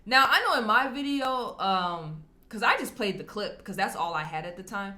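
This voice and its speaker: A woman with a mid-range voice speaks at a normal speed, casually addressing the camera as a vlogger answering viewer comments. She's chatty and candid, laughs often, and animatedly acts out the people she quotes in shifting voices.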